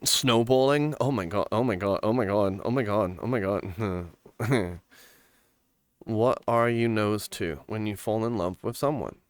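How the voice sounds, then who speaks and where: A man's voice: fairly low pitch, unhurried, smooth, no room sound. A man streaming live, chatting casually and playfully, giggling often and reading viewer comments aloud.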